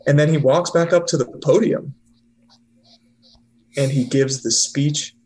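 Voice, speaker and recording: A man's voice: fairly high pitch, fairly even intonation, measured pace, a little mellow, husky, rough recording. A man casually building on jokes in a comedy brainstorm.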